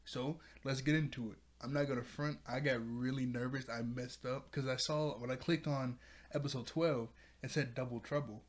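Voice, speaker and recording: A man's voice: medium pitch, steady tone, moderate pace. A man reviewing a cartoon episode in a casual, rambling video chat, laughing often as he talks.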